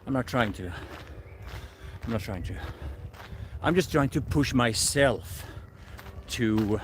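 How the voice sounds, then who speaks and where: A man's voice: medium pitch, lively intonation, slow, slight background noise. Rambling man streaming outdoors. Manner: rambling, self-correcting, chatty with viewers. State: slightly out of breath. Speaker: livestreamer. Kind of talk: casual live stream chat. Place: forest outdoors.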